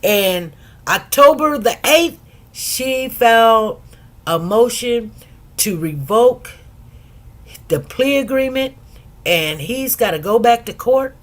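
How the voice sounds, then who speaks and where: Female commentary host, casual and animated storyteller, many restarts and asides to viewers. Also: on the high side, slow pace, pauses often. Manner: animated storyteller who acts out quotes in different voices. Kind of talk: casual commentary on a court case.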